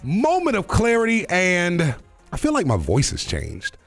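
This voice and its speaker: A young man hosts a radio talk show, his high voice swooping wildly in pitch at a slightly slow pace over soft background music. The chat is casual and playful; he laughs often and makes jokey, self-mocking asides.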